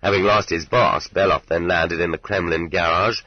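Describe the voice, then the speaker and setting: A man narrates an audiobook in a deep, slightly husky voice, reading in a measured, even way. The sound is dry and close, with no room around it. The tape is dull and lo-fi. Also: dry recording.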